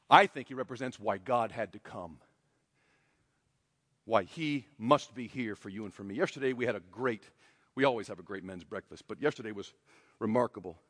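A male pastor preaching a sermon in a church, emphatic and swinging between loud, raised passages and quiet, hushed ones. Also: medium pitch, clean studio sound. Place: church sanctuary. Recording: long hall reverb.

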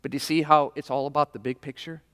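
A man's voice: on the high side, fairly even intonation, fast talker, a bit bright. A man preaching a sermon in a church, talking casually and checking in with the congregation with frequent questions. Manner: conversational preaching with frequent "right?" and audience questions. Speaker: pastor. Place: church sanctuary. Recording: long reverb of a large hall.

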